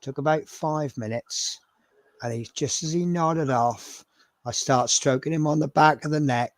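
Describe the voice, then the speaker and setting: A man's voice: on the high side, a little slow, no echo. A man hosting a live model-building stream, chatting in a rambling, self-mocking way. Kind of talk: casual live-stream chat.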